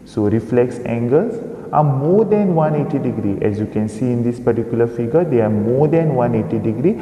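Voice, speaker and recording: A man teaching a recorded maths lesson, explaining slowly and pointing out figures on screen. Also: mid-range voice, expressive, lo-fi sound. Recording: echoey room with long reverb.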